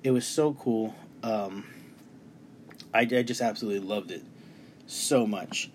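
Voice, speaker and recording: An enthusiastic man in his thirties gushes about a film he loved in a casual, rambling way, restarting his sentences as his emotion builds. His voice sits fairly low. Faint room ambience hums behind him. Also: unhurried, slight background noise. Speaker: movie reviewer. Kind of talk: casual movie review. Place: bedroom.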